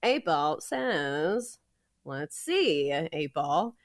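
Female betting show co-host, teasing casual chatter, very lively pitch. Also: normal speed. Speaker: sports betting podcast co-host. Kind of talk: casual sports betting chat.

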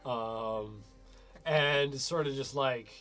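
A man's voice: mid-range voice, very slow, fairly bright tone, soft background music. A man narrating as game master of a tabletop game, rambling and full of fillers.

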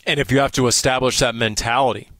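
A man's voice: medium pitch, steady tone, quick pace, fairly bright tone, no room sound. A man hosting a sports podcast in casual talk, upbeat and fond of rhetorical questions. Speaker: podcast host.

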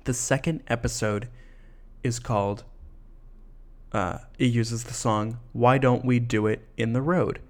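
A man's voice: medium pitch, a little slow, pauses often. Chatty man hosting a podcast. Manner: chatty, laughing, animated storytelling. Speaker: podcast host. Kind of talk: casual podcast commentary.

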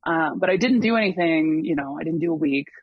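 Higher-voiced man, dull lo-fi sound. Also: brisk, slightly rough, no echo. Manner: rambling, full of ums and restarts. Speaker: long-distance hiker guest. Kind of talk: casual interview storytelling.

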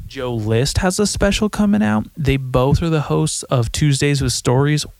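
A young man hosts a solo podcast in a loose, profane ramble, often catching and correcting himself. His voice has a gravelly fry, and it sits in a dry, dead room. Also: fairly high pitch, normal speed, darkish tone, dry recording. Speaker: podcast host.

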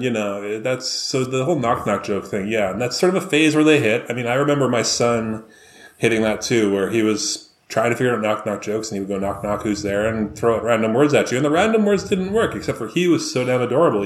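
Middle-aged dad in an echoey room. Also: male voice, medium pitch, expressive, quick pace. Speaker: podcast co-host. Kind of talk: casual chat.

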